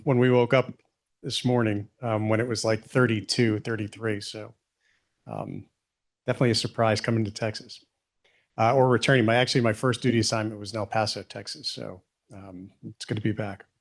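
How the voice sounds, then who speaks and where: A middle-aged man giving a public history lecture, relaxed and conversational with many ums and rhetorical questions. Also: medium pitch.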